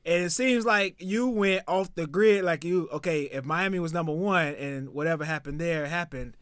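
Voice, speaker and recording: Higher-voiced male podcast host, dry sound. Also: moderate pace, fairly bright tone, clean tone, no room sound. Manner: joking, laughs between lines. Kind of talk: casual podcast chat.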